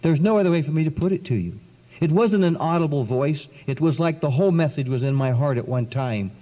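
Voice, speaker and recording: A man giving an earnest, dramatic spoken testimony to an audience, with long pauses and sudden swings in pitch. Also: mellow. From South Carolina. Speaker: speaker giving a testimony talk. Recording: dull lo-fi 1990s recording in a long-echo hall.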